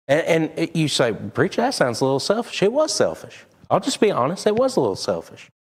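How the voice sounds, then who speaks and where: A man's voice: on the high side, huge pitch swings, fairly quick, few pauses, slightly rough. A man preaching a sermon, talking candidly and conversationally. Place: church sanctuary.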